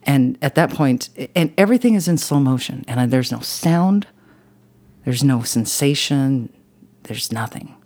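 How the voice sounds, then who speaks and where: A woman with a rumbling low voice, animated yet a little slow and somewhat mellow, tells a personal story as a podcast guest. Her earnest, rambling talk is full of "you know" asides, and she grows emotional and intense when recalling the crash.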